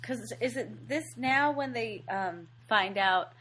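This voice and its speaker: A woman's voice: on the high side, animated, slow, sharp tone, slight background noise. A woman co-hosting a movie podcast, chatting casually and leaning on "like" as a filler. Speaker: podcast co-host. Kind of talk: casual movie-recap chat.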